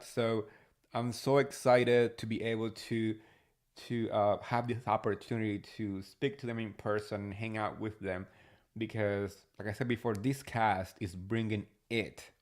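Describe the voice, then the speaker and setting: A man hosting a casual reality TV gossip recap, chatty and gushing, talking straight to his viewers. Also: medium pitch. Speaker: podcast host.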